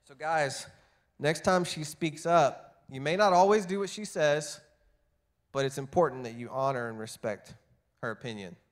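A man preaching a sermon as pastor, telling stories and acting out the people he quotes, his loudness rising and falling. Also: a little high, moderate pace. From Texas. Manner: storytelling, acts out quoted voices with big swings in loudness. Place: church.

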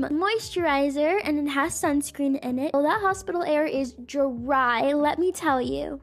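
A woman narrating a toy roleplay as a busy single mom, chatty and unhurried. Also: extremely high pitch.

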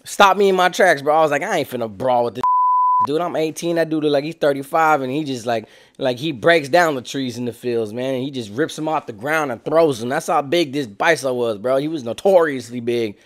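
A young man casually telling a story in an animated, slangy way, acting out sounds and voices. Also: mid-range voice, brisk.

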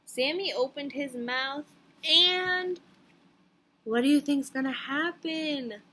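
A woman's voice: high voice, a little slow, slight background noise. A woman preschool teacher reading a picture book aloud to young children, stopping to ask them questions.

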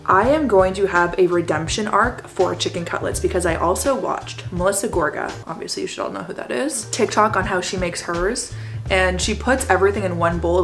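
A young Canadian woman in her twenties, chatting excitedly to her viewers as she shows off her shopping haul. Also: on the low side. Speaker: vlogger. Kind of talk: casual haul vlog.

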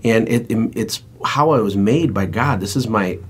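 A man hosting a podcast, an entrepreneur talking in an energetic, emphatic, motivational way. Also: lowish voice, normal speed, husky. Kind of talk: casual chat.

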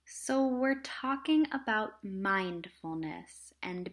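A woman teacher explaining a lesson to children in a lively, animated way. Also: on the high side, takes it slowly. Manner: animated, acts out examples in different voices.

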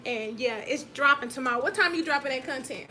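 A woman's voice: sits high, fast, bright, forceful tone. A woman hosting a cooking vlog, chatting playfully and speaking straight to her viewers as she cooks in a home kitchen. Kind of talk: casual chat while cooking. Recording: noisy home recording.

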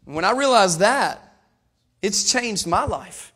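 Male pastor, high voice, emphatic sermon delivery that builds to fervor, talks straight to the congregation. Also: lively intonation, slow pace, bright, forceful tone, breathy edge. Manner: emphatic, rising to fervent preaching, addresses congregation.

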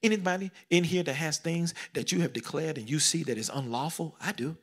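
A middle-aged man preaching a sermon, swinging between loud exclamations and hushed whispers, repeating phrases and calling out questions to the congregation. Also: a little high, brisk. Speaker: pastor.

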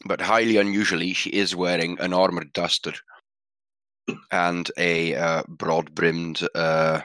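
A man describing his character in a relaxed, hesitant way, with fillers, during a tabletop game. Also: low-pitched, unhurried, no room sound. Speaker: player. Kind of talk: casual tabletop play.

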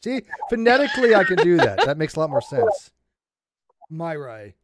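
A man's voice: sits high, big pitch swings, fairly quick, over a noisy crowd. A man hosting a casual livestream chat, joking and teasing his guests. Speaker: livestream host.

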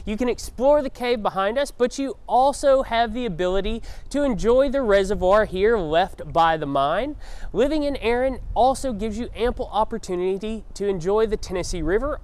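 Male vlog host, high-pitched, walks viewers through rural towns outdoors. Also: lively intonation, normal speed, darkish tone. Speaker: real estate vlog host. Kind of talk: scripted tour narration. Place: outdoors in a small town.

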